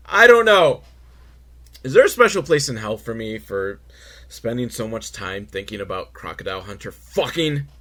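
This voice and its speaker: Animated crude comedic male podcaster. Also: high-pitched. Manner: crude, rambling, self-mocking, with sudden loud outbursts. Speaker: podcast host reviewing a film. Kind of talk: casual comedic film recap.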